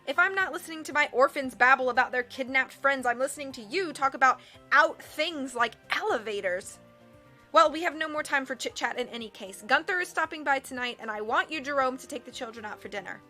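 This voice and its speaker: A woman's voice: high-pitched, brisk, pushed and bright, soft background music. A woman reading aloud and voicing a vain, bossy rich woman obsessed with what is fashionable, in a haughty, dismissive way. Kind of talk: audiobook character voice.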